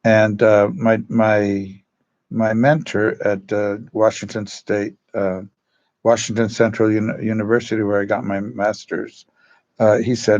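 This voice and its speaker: A man who teaches drama, telling rambling stories in a halting way and acting out quotes in changed voices. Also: on the low side, flat delivery, darkish tone, dull audio. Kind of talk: storytelling, casual talk.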